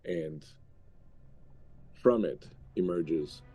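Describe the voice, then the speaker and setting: A hoarse man who is losing his voice, narrating a tabletop game as dungeon master in slow, measured phrases. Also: deep voice, mellow, faint music behind.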